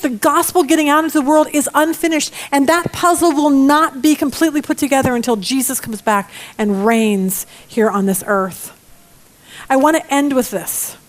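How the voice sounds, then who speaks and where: A middle-aged woman with a high voice teaches a Bible study lesson, delivering it in a lively, expressive way with joking asides.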